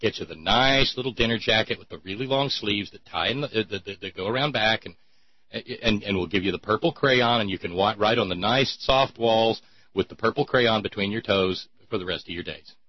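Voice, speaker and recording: A man's voice: fairly low pitch, fairly quick, husky, dry recording. A man hosting political commentary in a mocking, sarcastic way, often stumbling over his words. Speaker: host. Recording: slightly muffled dry recording.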